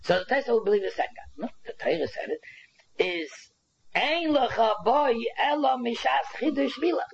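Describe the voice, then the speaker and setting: Male Talmud teacher, high and gravelly voice, lively explaining, faint background hiss. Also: muffled recording. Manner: animated explaining, Yiddish and Hebrew terms, many restarts. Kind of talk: Talmud lecture.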